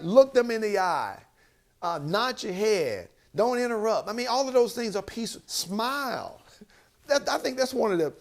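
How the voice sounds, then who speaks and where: A man giving an emphatic motivational talk, counting off his points one by one. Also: on the high side. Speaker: motivational speaker.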